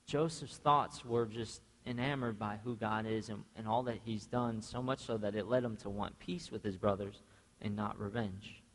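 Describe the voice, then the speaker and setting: A man's voice: fairly low pitch, moderate pace. A young man preaching a sermon to his church in a chatty, questioning way, acting out quoted voices as he tells stories. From grew up in a half-Mexican household. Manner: conversational, asks the congregation questions; animated storytelling, acts out quoted voices. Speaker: pastor. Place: church sanctuary. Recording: long church reverb.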